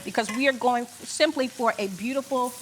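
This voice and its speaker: Woman, chef, cooking demo, upbeat, gushing, slightly high voice, faint frying noise. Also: brisk, a bit bright. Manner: upbeat, gushing, says "beautiful" a lot. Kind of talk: cooking demonstration. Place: studio kitchen.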